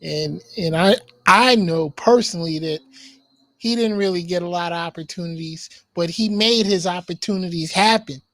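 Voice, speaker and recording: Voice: mid-range voice, moderate pace, fairly bright tone, dry recording. Host hyping up the guest, midrange voice, dry close mic. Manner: encouraging, short reactions, some repeated words. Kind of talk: casual interview chat.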